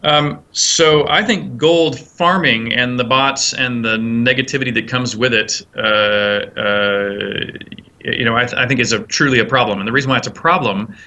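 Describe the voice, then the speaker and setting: Man, game designer, interview, bright ringing tone, rambling with fillers. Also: medium pitch, moderate pace. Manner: rambling, many fillers and restarts, acts out quotes. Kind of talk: interview answers, storytelling.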